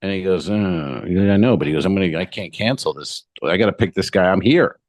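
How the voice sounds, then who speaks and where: A middle-aged man co-hosting a comedy podcast casually tells a profane story, acting out both sides of the dialogue. His voice is low and brisk, with no room sound.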